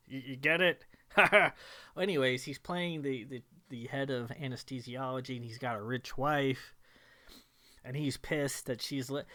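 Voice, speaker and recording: A man's voice: medium pitch, fairly bright tone. A man unhurriedly walking through the story of an old thriller, tossing in dry jokes along the way. He takes his time and lingers over his words. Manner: wry, joking retelling of a plot. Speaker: film commentator. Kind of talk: casual movie commentary.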